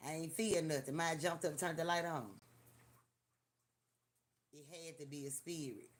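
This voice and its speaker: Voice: mid-range voice, measured pace. Older livestream host, chatty storyteller, cusses freely, addresses the viewers directly. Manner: animated, profane, talks straight to viewers. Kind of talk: casual live-stream storytelling.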